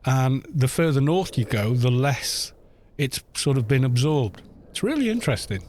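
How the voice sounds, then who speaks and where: A man's voice: mid-range voice, big pitch swings, moderate pace, a little mellow, a little hiss or hum. A man from North Wales with a mixed North Welsh and southern English accent, chatting casually on a game livestream. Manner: rambling, chatty, many restarts. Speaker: streamer.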